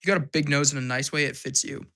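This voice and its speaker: A man hosting a casual live stream Q&A, reading out viewer comments and answering them. He is hyper, laughs often and sounds slightly hoarse. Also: medium pitch, steady tone, fast talker, bright, forceful tone.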